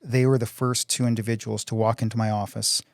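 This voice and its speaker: A man's voice: fairly low pitch, little pitch movement, fast talker, creaky, no echo, studio quality. A middle-aged man, a council candidate and oil company CEO, speaking earnestly in a casual interview with frequent restarts. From Canada.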